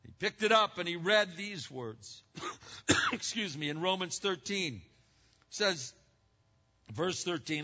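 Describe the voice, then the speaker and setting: A preaching man with a bright voice in a reverberant space. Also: animated, takes it slowly, long pauses. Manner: preaching with swings between loud emphatic highs and hushed lows. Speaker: pastor. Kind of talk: sermon. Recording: muffled lo-fi sound with long reverb.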